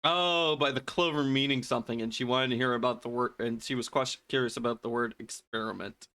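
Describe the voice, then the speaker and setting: Male streamer: casual rambling game commentary, self-amused, bright and clear. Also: medium pitch, fairly even intonation, fairly quick. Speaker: gaming streamer.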